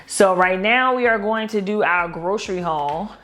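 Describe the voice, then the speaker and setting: A woman's voice: mid-range voice, normal speed, fairly bright tone. Chatty Baltimore woman vlogging. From Baltimore, Maryland. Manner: chatty, addresses viewers as "girl" and "y'all". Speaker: lifestyle vlogger. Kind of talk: casual vlog chat.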